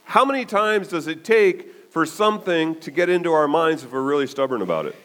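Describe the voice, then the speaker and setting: A male pastor delivering a sermon in a slightly high voice. His delivery is animated, with pitch swinging widely as he retells a story. He keeps checking in with his listeners by asking "okay?". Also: fairly quick.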